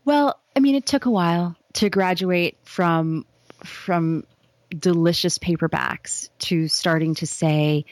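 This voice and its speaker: A woman speaking as an interview guest, leading a slow, soft guided visualization with some words whispered, then talking casually. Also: fairly low pitch, no room sound.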